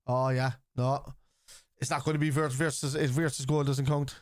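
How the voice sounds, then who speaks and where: With a mid-range voice and flat delivery at normal speed, a Scouse-accented man runs a live football watchalong, reacting to play, arguing bluntly with chat, swearing freely and shouting players' names. The sound is clean studio audio with no room sound.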